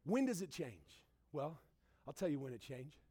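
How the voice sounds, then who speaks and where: A young man preaching a sermon as pastor, animated, acting out quotes and swinging between loud and hushed. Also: a little high, moderate pace, breathy edge.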